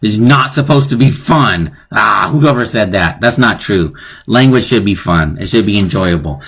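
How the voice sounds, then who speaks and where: A man's voice: lowish voice, animated, moderate pace, fairly bright tone, breathy edge. A man hosting a live-streamed lesson on wordplay, chatty and playful, often laughing at his own jokes. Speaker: teacher hosting a live online class.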